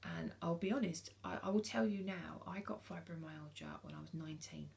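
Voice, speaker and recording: A British woman in her forties speaks frankly to camera in a low, gravelly voice. She hesitates often, filling gaps with ums and restarting her sentences as she talks. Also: steady tone, fairly quick, darkish tone, a little hiss or hum. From United Kingdom. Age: 40s. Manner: frank and earnest. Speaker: vlogger. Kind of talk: casual talk to camera.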